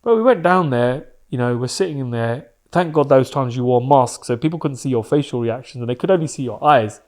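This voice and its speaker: A man's voice: mid-range voice, lively intonation, a little fast, darkish tone. A man, a podcast guest telling an emotional personal story in a candid, slangy way with some swearing.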